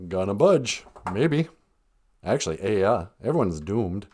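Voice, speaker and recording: A man hosting a comedy podcast, joking darkly in a deadpan, drawling way. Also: fairly low pitch, measured pace. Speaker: podcast host.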